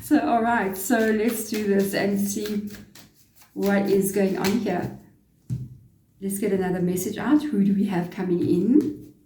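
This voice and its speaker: A woman's voice: mid-range voice, steady tone, measured pace, long pauses, warm tone, echoey room, a little hiss or hum. A woman giving a casual tarot reading to camera, chatty and relaying spirit messages. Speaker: tarot reader.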